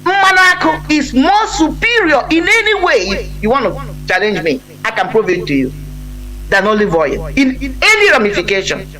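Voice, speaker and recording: A man's voice: extremely high pitch, sing-song, normal speed, pushed and bright, poor audio. A man, speaking as a guest on a live broadcast in an earnest, emphatic way, often breaking off and restarting his sentences. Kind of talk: impassioned conversational talk.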